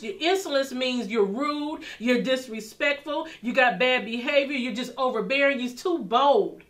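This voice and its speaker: Bright high-voiced woman preaching passionately. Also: moderate pace, few pauses. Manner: passionate, building and repeating phrases. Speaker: minister. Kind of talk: sermon.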